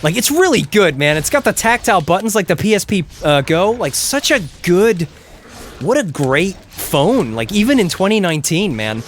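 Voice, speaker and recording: Brief: young man, game streamer, slightly high voice, loose rambling commentary with the odd curse. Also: sing-song, moderate pace, a bit bright, slight background noise. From England. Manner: rambling, chatty, swears when the game goes wrong. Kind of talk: casual gameplay commentary.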